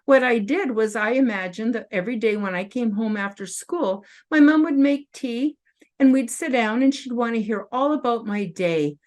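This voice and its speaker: A woman in her fifties hosting her own show, telling a personal story to camera in an earnest, openly emotional way, tearful and halting with restarts. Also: fairly high pitch, darkish tone. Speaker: host.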